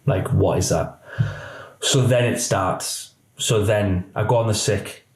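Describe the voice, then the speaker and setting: A man's voice: on the low side, fairly even intonation, slow pace, echoey room, low-quality recording. A man, a former police officer telling his story in a candid podcast interview and acting out the dialogue.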